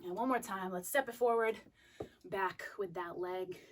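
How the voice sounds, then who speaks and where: A woman's voice: mid-range voice, moderate pace. A young woman fitness instructor cueing a live workout class, sniffly and out of breath, in an upbeat coaching manner. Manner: upbeat, coaching cues counted out while moving. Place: fitness studio. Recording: voice distant from the mic.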